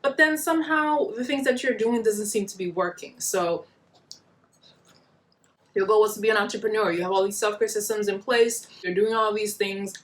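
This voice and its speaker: At normal speed and in a mid-range voice, this wellness channel host eats and chats to camera indoors in her small home. She explains things in a warm, friendly way and addresses her viewers directly.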